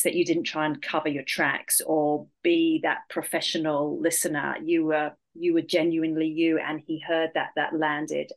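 A woman hosting an interview, reflecting back what she heard in a thoughtful, word-searching way. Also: low-pitched. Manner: thoughtful, searching for words, affirming. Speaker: host.

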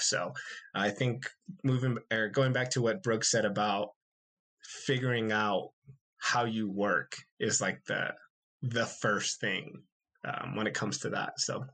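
A man's voice: on the low side, a bit bright. A man co-hosting a podcast in casual chat, self-deprecating and laughing often as he jokes with his co-hosts. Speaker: podcast co-host.

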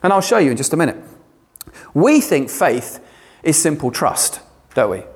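A man preaching a sermon, animated and given to sarcastic asides. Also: on the high side, moderate pace.

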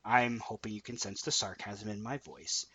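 A man co-hosting a sports podcast, giving opinionated, animated takes in casual chat over dull lo-fi audio. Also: on the low side, normal speed, breathy edge. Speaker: podcast co-host.

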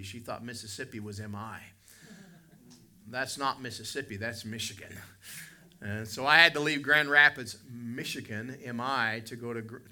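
A pastor from West Virginia, preaching a sermon and telling a story, moving between soft reflective passages and loud emphatic ones. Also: male voice, mid-range voice.

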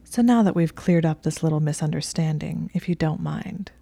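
A smug, teasing young wizard who likes to tease his wife , read by a woman. The voice sits low and mellow with a gravelly edge. It is recorded close and dry. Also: moderate pace, no room sound. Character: teasing possessive young male wizard librarian.

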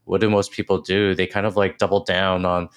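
A man hosting a casual podcast interview, thoughtful and halting, often restarting his sentences. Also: deep voice, little pitch movement, clean tone. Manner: reflective, hesitant with many restarts. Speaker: podcast host.

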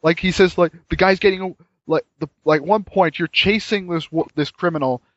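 A man's voice: sits high, normal speed, no room sound. A man chatting casually and enthusiastically about a game, rambling with frequent restarts, on dull lo-fi audio. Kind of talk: casual chat reviewing a game.

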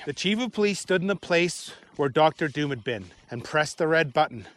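A man reading a children's adventure story aloud in an unhurried, expressive way. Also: fairly high pitch.

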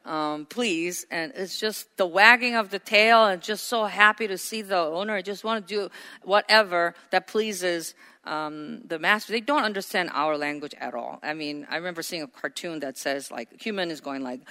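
Bright-voiced woman preaching in a hall. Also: lowish voice, normal speed. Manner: conversational, many fillers, playful voices for quoted people and pets. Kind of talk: sermon. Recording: hall reverb.

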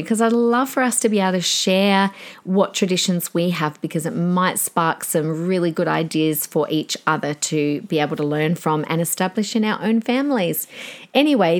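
A woman in her forties with an Australian accent, hosting a podcast in a chatty, earnest and rambling way. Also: lowish voice. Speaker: podcast host. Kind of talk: casual solo podcast talk.

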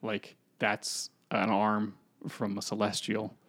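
A man's voice: fairly low pitch, completely flat delivery, takes it slowly, a bit bright. A man co-hosting a casual podcast, rambling through a film's plot and acting out the characters. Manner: rambling storyteller who acts out characters. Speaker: podcast co-host.

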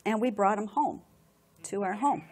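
A middle-aged woman sharing a personal testimony with an audience, telling it in an animated, emotional way and often repeating words when stirred. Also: mid-range voice, normal speed, slightly rough.

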